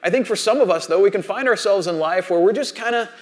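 A man's voice: high-pitched, fast. A man giving an anecdotal motivational talk to an audience, telling a story in a chatty way and using lots of "like" and "you know" asides. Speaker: speaker addressing an audience.

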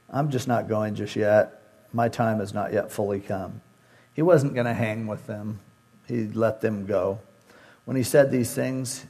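A man's voice: medium pitch, creaky, darkish tone, husky, long reverb tail. A man leading a casual Bible study, reading scripture and retelling it in loose, conversational everyday speech. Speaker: Bible teacher.

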